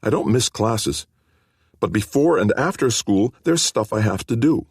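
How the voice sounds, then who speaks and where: A man's voice: fairly low pitch, animated, unhurried, a little mellow, breathy edge, no echo, clean studio sound, voice pushed up, full character voice. A man reading an audiobook, voicing a defiant teenage boy who talks in a blunt, flippant, stubborn way.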